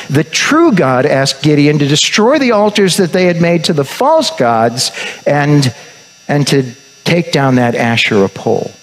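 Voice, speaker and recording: A man's voice: mid-range voice, poor audio. A man preaching, retelling a story in a conversational way, with frequent restarts and repeated words. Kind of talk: sermon storytelling.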